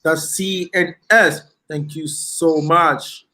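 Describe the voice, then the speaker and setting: Ghanaian male host, unhurried delivery, slightly raised pitch, relaxed live-stream chat. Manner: slow, relaxed, laughs often, slips into Ghanaian Pidgin. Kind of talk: casual live stream chat, reading comments.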